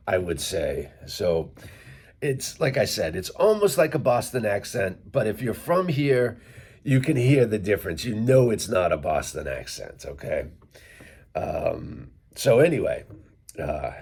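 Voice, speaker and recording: A middle-aged man from central Massachusetts, speaking as an English teacher in a casual, deliberate monologue to camera and spelling words out letter by letter. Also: on the low side, darkish tone, slightly rough. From central Massachusetts, USA.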